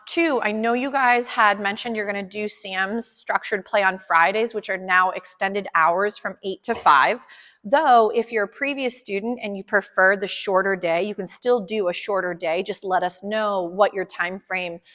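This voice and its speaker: A woman's voice: mid-range voice, normal speed, bright, forceful tone. Upbeat lady dog trainer chatting her clients through a lesson, echoey room. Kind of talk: explaining a training session to clients.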